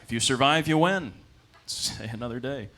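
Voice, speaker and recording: Rambling young stand-up comic. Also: male voice, medium pitch, normal speed, sharp tone. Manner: rambling, self-deprecating, with frequent fillers and laughs. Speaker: stand-up comedian. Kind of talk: stand-up comedy set. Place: comedy club stage.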